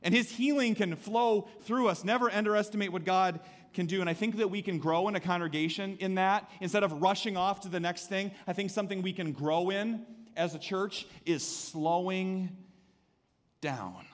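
A man preaching a sermon as pastor, conversational and swinging between soft asides and emphatic calls to the congregation. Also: sits high, normal speed, long reverb tail. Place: church sanctuary.

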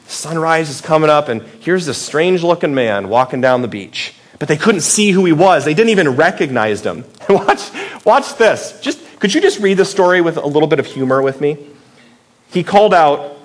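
A man's voice: on the high side, animated, normal speed. A man preaching a sermon in a playful, conversational way, asking the listeners many rhetorical questions. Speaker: pastor.

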